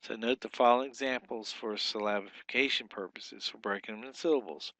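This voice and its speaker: A man teaching a recorded lecture, explaining patiently, repeating terms slowly, with frequent fillers. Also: on the low side, fairly even intonation, fairly bright tone, no echo. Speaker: Hebrew teacher.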